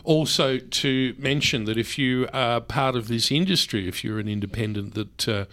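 Male host, casual radio chat, lively and interjecting, ordinary pitch. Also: moderate pace. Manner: chatty, excitable, interjecting.

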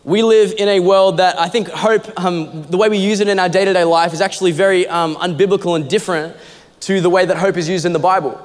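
A man's voice: high-pitched, steady tone, fast talker. A young man, an assistant kids pastor, preaching a sermon in an earnest, conversational way with casual fillers. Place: church auditorium. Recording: long hall reverb.

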